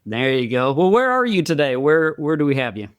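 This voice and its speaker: A man's voice: fairly high pitch, very animated, a little fast, smooth, no echo. A man hosting a podcast interview, chatty and friendly, often repeating words as he talks. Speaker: podcast host.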